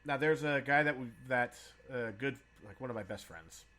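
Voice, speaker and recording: A man's voice: mid-range voice, moderate pace, crowd noise. A man from San Diego hosting a casual podcast chat, swearing freely and laughing often. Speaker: podcast host.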